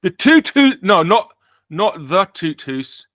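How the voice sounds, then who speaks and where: British male podcast host, bright sound, dry close mic, jokey and rambling. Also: sits high, very animated, slow pace, no room sound. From Britain. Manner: joking, rambling with self-corrections. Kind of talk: casual chat.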